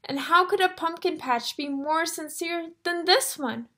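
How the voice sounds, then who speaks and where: A woman teacher reading a picture book aloud to young children, animated, gasping and asking them questions. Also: very high voice, measured pace. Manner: animated storyteller, gasps, asks the children questions.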